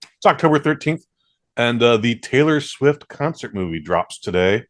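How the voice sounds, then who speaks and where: A man's voice: mid-range voice, expressive, normal speed. A man hosting a podcast, chatting casually and ranting with plenty of swearing. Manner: ranting, profane. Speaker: podcast host. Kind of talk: casual chat.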